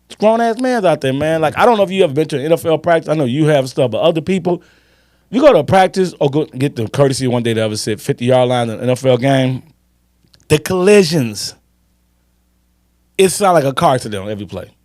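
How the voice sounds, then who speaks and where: Animated man in his fifties. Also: a little high, dry recording, clean studio sound. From Chicago. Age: 50s. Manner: emphatic, swearing, drawn-out storytelling. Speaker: podcast co-host. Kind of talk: casual sports chat.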